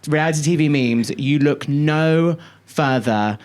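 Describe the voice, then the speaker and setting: A male podcast co-host telling stories in casual chat, animated, drawing out words and swearing freely. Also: fairly high pitch, a little slow.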